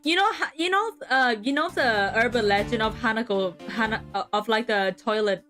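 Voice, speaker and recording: A woman's voice: on the high side, moderate pace, a bit bright, faint music behind. A woman streaming a video game, chatting casually in a rambling, giggly way with many restarts. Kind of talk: casual gaming stream chat.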